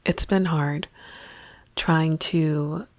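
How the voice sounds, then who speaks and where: A woman spiritual coach musing in a reflective vlog monologue, often dropping to a soft half-whisper. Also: low voice, fairly even intonation, drawn-out words, no room sound.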